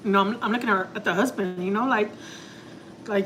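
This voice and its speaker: Her medium-pitched voice moves fairly quickly as this family vlogger casually recounts a story to viewers. She rambles, confides and gets emotional, filling her speech with "like" and "you know," over poor audio with some hiss or hum.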